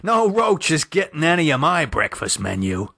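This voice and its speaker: A man's voice: on the high side, very animated, moderate pace, vocal fry, breathy edge, no echo, voice pushed up, full character voice. A panicky, crude middle-aged husband in an audio horror story, put on by a male reader. He yelps and curses in a strained, raised voice that swoops up and down, close and dry on the mic. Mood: gruff. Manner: frantic, shouting, swearing.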